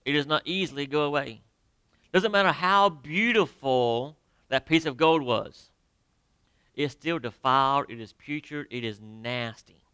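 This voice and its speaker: A man preaching a sermon to his congregation, emphatic, with sudden drops to near quiet and direct questions to the listeners. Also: on the high side, measured pace, smooth, dry recording. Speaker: pastor. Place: church sanctuary.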